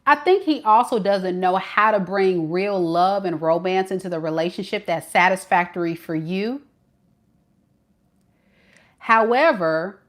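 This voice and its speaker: Woman doing a live tarot reading, animated and chatty, slangy, mid pitch. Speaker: tarot reader.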